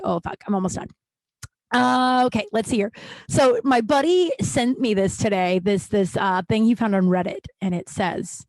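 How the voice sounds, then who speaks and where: A woman's voice: on the high side, lively intonation, moderate pace, dry recording. A woman in her thirties from Denver telling profane, rambling comedic stories as a podcast host, laughing at herself, with a runny nose. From Denver, USA. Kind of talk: casual comedic storytelling.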